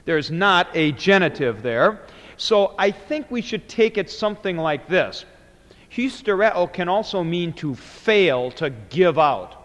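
A man lecturing on Greek grammar, slow and deliberate, walking his class through each word form. His voice sits a little high for a man. The sound carries a long reverb, as if from a large hall. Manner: deliberate, parsing words aloud, often slowing to spell things out. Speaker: Greek New Testament teacher.

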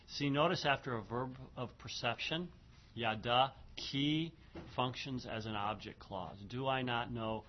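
Lo-fi recorded man teaching Hebrew grammar. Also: medium pitch. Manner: reads Hebrew aloud slowly, then translates and explains grammar; frequent "okay", "um" and "notice", conversational. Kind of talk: classroom lecture reading and parsing Hebrew. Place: classroom. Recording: dull lo-fi classroom recording.

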